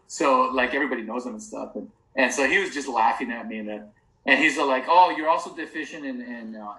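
A man's voice: mid-range voice, pushed and bright, roomy sound, low-quality recording. A middle-aged man in casual podcast chat, telling a long rambling story with frequent restarts and laughs. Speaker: podcast co-host.

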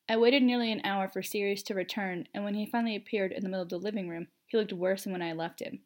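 Speaking at a normal middle pitch, a woman narrates her own story with an even, expressive delivery. She talks fast and barely pauses.

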